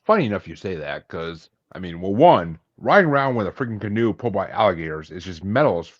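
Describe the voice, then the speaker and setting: Man, very deep voice, casual podcast chat, joking, swears a lot, muffled dry sound. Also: very animated, quick pace. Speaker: podcast host.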